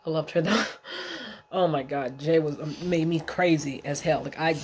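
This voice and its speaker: A woman's voice: deep voice, steady tone, normal speed. A woman in her thirties telling a long story in a casual vlog, blunt, slangy and full of swearing, often rambling off track. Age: 30s. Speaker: vlogger.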